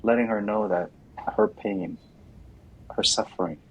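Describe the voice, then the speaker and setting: A man speaking as a guest in a casual interview, animated and quick to act out what others say. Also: fairly low pitch, slightly rough, lo-fi sound. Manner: animated, acts out quoted voices loudly.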